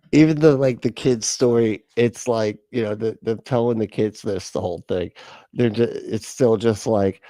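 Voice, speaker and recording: A man's voice: lowish voice, moderate pace, warm tone, dry recording. Chatty, incredulous male co-host. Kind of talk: casual comedic commentary.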